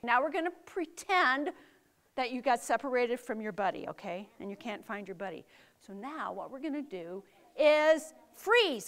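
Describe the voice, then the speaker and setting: Her fairly high, expressive voice has a slightly bright quality. The middle-aged woman is teaching little children how to stay safe, speaking slowly and forcefully and asking them lots of questions.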